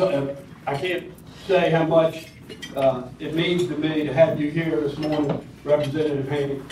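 An older man with a Southern American drawl delivers a folksy speech, pausing often with ums and uhs. His voice sits a little high for a man. It rings through a large, echoey hall from some distance off, with faint clinking of cutlery behind him. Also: a little mellow, slight background noise. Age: 60s. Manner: folksy and personal, with hesitant fillers. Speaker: county commissioner speaking at a public event. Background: clinking cutlery and dishes.

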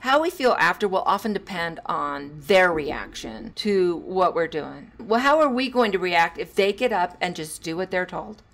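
A woman hosting a solo podcast and talking through parenting advice. She is a former teacher, and she moves between hushed asides and bursts of laughter. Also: lowish voice, moderate pace, few pauses. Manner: animated, drops to hushed tones and laughs while telling stories. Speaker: podcast host.

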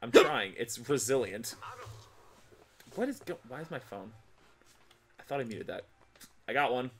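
A man hosting a casual gaming video, narrating his play with frequent swearing, laughter and frustrated shouts. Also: medium pitch, animated, unhurried, husky. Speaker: gaming channel host. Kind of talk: casual let's-play commentary.

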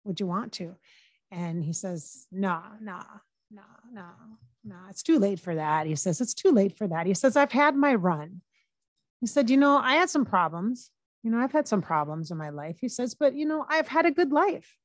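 A woman working as a psychic medium, talking casually and relaying quotes in her own plain voice with frequent pauses and restarts. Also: mid-range voice, expressive, no echo. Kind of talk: casual channeling session monologue.

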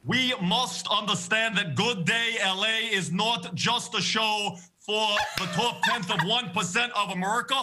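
A young man impersonating an older male politician, declaiming slowly like a stump speech. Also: sits high, sharp tone, pitched above the performer's own voice, exaggerated voice.

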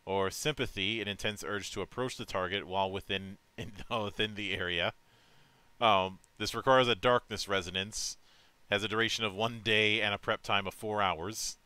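A man reading tabletop game rules aloud on a stream, halting and restarting as he goes. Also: lowish voice, steady tone, sharp tone, smooth, no room sound. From United States. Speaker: vtuber game master.

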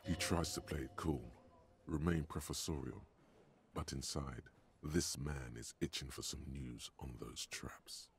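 A very deep, wry game narrator. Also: male voice, steady tone, husky, exaggerated voice. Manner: measured, wry, hushed at times. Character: deep-voiced male inner narrator, wry and dramatic.

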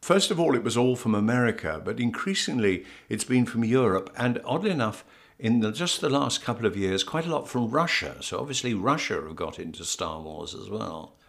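A man's voice: fairly low pitch, sing-song, a little fast, vocal fry, a bit bright. An older English man, an actor, telling anecdotes in an interview, with frequent stammered restarts. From England. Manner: storytelling with stammered restarts and laughs. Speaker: actor guest.

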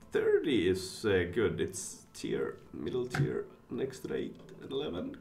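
A man streaming live, thinking aloud, reading chat and getting excitable. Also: mid-range voice, slow pace, vocal fry, hardly any pauses. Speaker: casino streamer.

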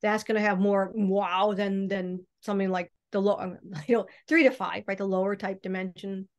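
A woman's voice: mid-range voice, fairly even intonation, moderate pace. Rambling woman talking star beings. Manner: rambling, many restarts and ums. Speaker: guest mystic. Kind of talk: casual podcast chat. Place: podcast recording, remote or studio.

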